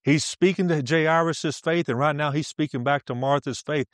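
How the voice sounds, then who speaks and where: A man's voice: a little high, measured pace, no echo, clean studio sound. A male preacher teaching a sermon, emphatic, repeating key phrases and laughing often as he speaks.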